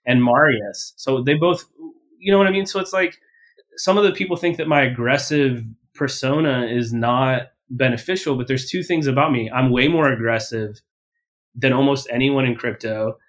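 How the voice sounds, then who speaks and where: A man's voice: mid-range voice, normal speed. Blunt, rambling man on a podcast. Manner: self-correcting and full of verbal fillers. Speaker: podcast guest. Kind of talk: casual interview talk.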